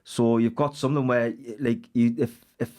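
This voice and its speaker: A man, a podcast guest speaking casually in a halting, hesitant way. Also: mid-range voice, little pitch movement, warm tone. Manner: halting, many fillers and restarts. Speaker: guest who works with kids. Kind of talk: casual chat.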